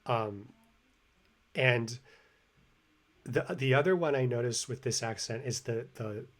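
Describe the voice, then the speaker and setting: A man's voice: medium pitch, slow. A man hosting a language-learning video, a native English speaker talking casually and rambling with many restarts. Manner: rambling, lots of fillers and restarts. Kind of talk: casual commentary.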